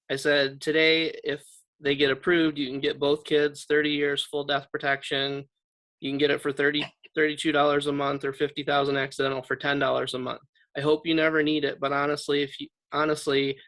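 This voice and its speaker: A man's voice: medium pitch, fairly bright tone, rough recording. A man, an insurance agent, telling a blunt story about a client in a casual team meeting on a video call. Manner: blunt, storytelling with quoted texts.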